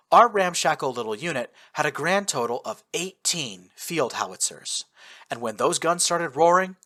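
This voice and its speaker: An expressive man reads a first-person war tale aloud with lively storytelling. His voice is bright and forward, and his pitch moves freely over a wide range. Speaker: narrator. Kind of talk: first-person audiobook narration of fan fiction.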